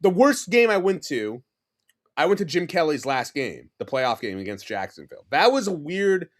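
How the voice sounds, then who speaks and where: Rambling, animated New York guy, slightly high voice. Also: normal speed. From New York City. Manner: rambling, animated storyteller with lots of fillers and restarts. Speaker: podcast guest. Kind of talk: casual chat.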